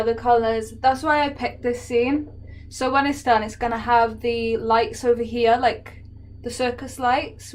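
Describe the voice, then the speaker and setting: A woman's voice: a little high, a little hiss or hum. Chatty English woman with a Welsh lilt. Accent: Welsh-tinged English. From England. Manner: chatty, laughs often, answers viewer comments. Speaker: painter streaming to viewers. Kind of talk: casual chat while painting.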